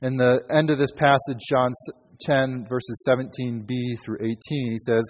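A man's voice: medium pitch, a little slow. A man preaching a sermon as pastor, in a conversational, emphatic way with casual fillers. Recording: hall with long reverb.

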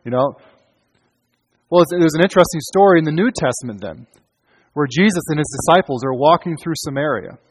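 A man's voice: fairly high pitch, husky. A man preaching a sermon in an earnest way, restarting phrases often as he retells scripture. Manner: earnest, with frequent restarts and quoted lines. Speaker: pastor. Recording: long hall reverb.

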